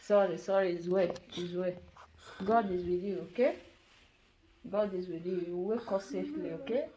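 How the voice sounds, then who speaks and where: A woman vlogging as a mother from a hospital room. She talks casually to viewers and soothes her son softly, repeating reassurances. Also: fairly low pitch, moderate pace, muffled recording, slight background noise. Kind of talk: casual vlog chat.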